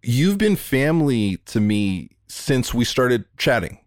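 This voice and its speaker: A man hosting a podcast interview over a remote call, talking in an earnest, heartfelt way and in quick bursts. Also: mid-range voice, very animated, no echo, studio quality. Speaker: podcast host. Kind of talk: emotional interview conversation.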